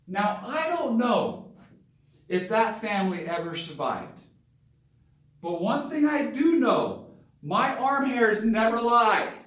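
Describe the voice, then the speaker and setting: A father telling a personal story to his camera in a dramatic, excitable way, with sudden bursts of yelling. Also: extremely high pitch. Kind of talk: animated story time on camera. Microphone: camera mic at a distance. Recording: very echoey room, voice far from camera.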